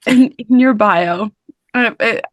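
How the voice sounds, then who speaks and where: A woman's voice: on the high side, slow, no echo. Woman host on a dry recording. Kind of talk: casual interview.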